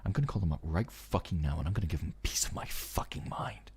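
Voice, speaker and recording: A man's voice: low voice, animated, quick pace, creaky, noisy background. A man hosting a live stream in casual chat, ranting in an exasperated, profane way. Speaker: streamer and show host.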